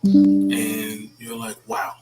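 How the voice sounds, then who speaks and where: A man chatting casually to his viewers as a reaction video host, rambling and repeating words, his voice worn from yelling. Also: fairly low pitch, sing-song, extremely slow, loud music behind the voice, low-quality recording. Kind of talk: casual morning livestream chat.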